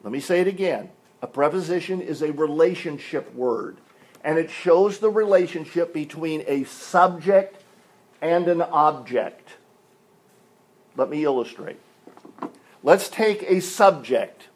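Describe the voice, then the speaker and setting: Slow, deliberate older male preacher. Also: a little high, animated. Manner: slow, deliberate preaching with emphatic single words; teacherly, explains step by step. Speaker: pastor. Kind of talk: sermon.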